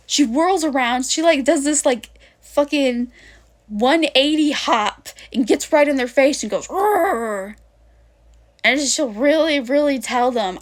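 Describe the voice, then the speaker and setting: A woman streamer in casual, rambling chat who wanders off on tangents and swears offhandedly. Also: fairly high pitch. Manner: rambling, goes off on tangents, many fillers. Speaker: VTuber streamer.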